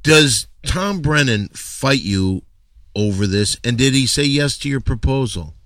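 A male host asking questions in a deadpan, mock-serious way. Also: medium pitch, measured pace, no room sound, studio quality.

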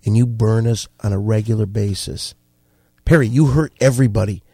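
A man's voice: fairly low pitch, brisk, dark tone, slightly rough, dry recording, clean studio sound. A man hosting a podcast, talking bluntly and profanely as he scolds a guest. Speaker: podcast host. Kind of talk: casual chat.

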